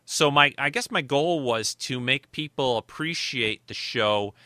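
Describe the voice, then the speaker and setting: A man's voice: mid-range voice, expressive, unhurried, bright, forceful tone, dry recording, studio quality. A man hosting his podcast in casual chat, rambling and often restarting his sentences. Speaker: podcast host.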